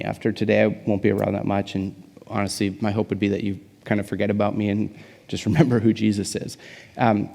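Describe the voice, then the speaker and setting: A young Canadian man with a lowish, creaky, mellow voice is a guest pastor delivering a conversational sermon. He's chatty and self-deprecating, with lots of fillers and jokes, and the recording carries the reverb of a large church hall.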